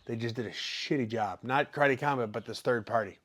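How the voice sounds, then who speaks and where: A man's voice: mid-range voice, brisk, fairly bright tone. A professional fighter telling a casual story, acting out quotes and sound effects as he goes.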